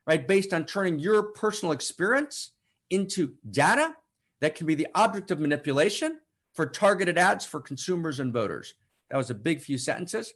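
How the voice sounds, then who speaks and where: Fervent man preaching with a lively voice. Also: a little high. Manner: fervent, swings between loud declarations and hushed asides; keeps adding "right?" as a tag. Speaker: host of weekly online spiritual broadcast. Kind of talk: impassioned spiritual talk. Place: home setup for an online broadcast.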